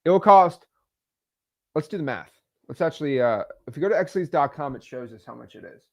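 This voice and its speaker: An excitable man hosts a live stream and chats straight to his viewers. His voice sits a little high and jumps around a lot as he jokes and reacts. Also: fairly quick, vocal fry, highs cut off. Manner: excitable, joking, talks straight to the live chat. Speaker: host of a live stream on real estate cold calling. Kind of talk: casual live-stream chat.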